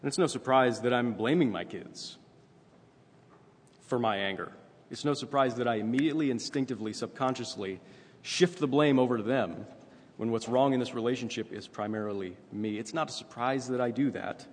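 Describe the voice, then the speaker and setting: A man's voice: medium pitch, fairly quick, breathy edge. A man preaching a sermon in a conversational way, often checking in with "right?" as he goes. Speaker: pastor. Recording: long reverb, faint ambient noise.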